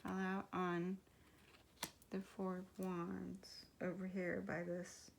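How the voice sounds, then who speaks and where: A woman's voice: lowish voice, completely flat delivery, slow, gravelly, slight background noise. A woman doing a casual tarot reading for her viewers, musing aloud and laughing often. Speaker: tarot reader.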